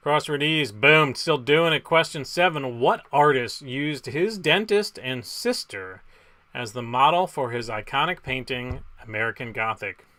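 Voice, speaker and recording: A man running a casual online trivia night from his home webcam. His voice is bright and clear, with little room sound. He reads questions plainly, then wanders into rambling, jokey asides. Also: mid-range voice, no echo. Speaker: trivia quiz host. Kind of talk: casual live trivia hosting.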